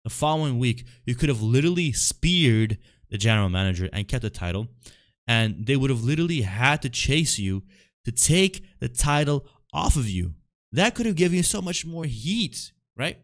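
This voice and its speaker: A man's voice: medium pitch, big pitch swings, normal speed. A man recapping a wrestling show in a casual, frustrated rant, full of fillers and rhetorical questions.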